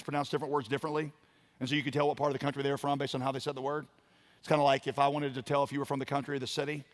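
A man preaching a sermon, building to loud emphatic lines and dropping to quiet ones. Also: medium pitch. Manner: emphatic preaching, dramatic swings in volume. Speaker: pastor.

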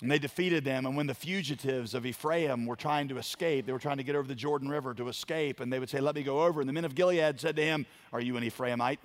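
A man preaching a sermon, building to loud emphatic lines and dropping to quiet ones. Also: mid-range voice, fast, few pauses. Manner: emphatic preaching, dramatic swings in volume. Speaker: pastor.

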